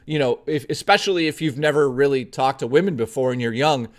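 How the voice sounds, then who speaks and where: A man's voice: mid-range voice, a little fast. A male streamer telling a story to his live chat in a blunt, profane, chatty way, speaking straight to his viewers.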